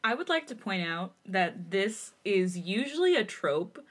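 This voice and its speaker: Co-host, woman, bright and animated, fast casual asides. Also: medium pitch. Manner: quick, laughing asides. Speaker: podcast co-host. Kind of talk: casual chat.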